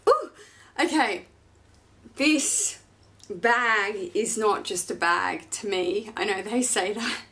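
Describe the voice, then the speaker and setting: A woman's voice: medium pitch, sing-song, slow, pauses often, bright, forceful tone. A woman in her thirties, a fashion vlogger, talking in a gushing, chatty and emotional way as she unboxes and shares personal news. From Australia. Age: 30s.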